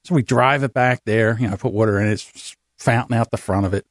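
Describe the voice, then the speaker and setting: A man's voice: on the low side, quick pace, no echo, studio quality. A middle-aged man co-hosting a podcast, telling rambling, profane stories in casual chat. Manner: animated storyteller, swears freely. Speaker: podcast co-host.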